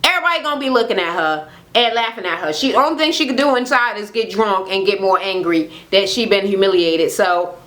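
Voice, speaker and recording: A woman recapping a reality show in a casual, animated rant, swearing heavily and acting out what people said. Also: medium pitch, fairly quick. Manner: animated, heavy swearing, acts out quotes. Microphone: camera mic with ring light setup.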